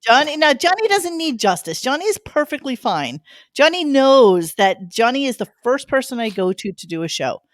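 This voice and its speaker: A woman's voice: high voice, big pitch swings, normal speed, dry recording, studio quality. A woman hosting a casual podcast chat, telling stories in a brash, profane way with frequent laughs. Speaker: podcast host.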